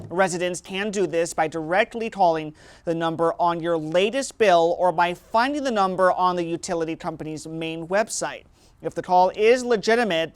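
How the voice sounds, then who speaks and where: A woman co-hosts a community news program. She laughs easily in the chatter with her colleagues, then reads the public notices plainly and clearly. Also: on the low side. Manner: cheerful, quick to laugh in banter. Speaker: news show co-host.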